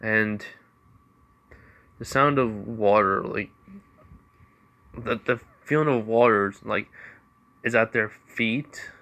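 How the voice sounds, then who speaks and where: Young guy making up a story, slow and rambly, kinda low voice. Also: bright, forceful tone. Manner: rambling, many fillers like 'like'. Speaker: fan fiction narrator. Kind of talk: casual improvised storytelling.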